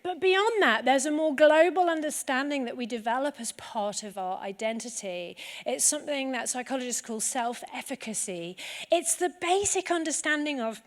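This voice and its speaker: A woman with a high voice gives a talk to a live audience. She tells stories in a lively way, and her voice rings out with a long echo in a large hall. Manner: lively storytelling. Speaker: conference speaker.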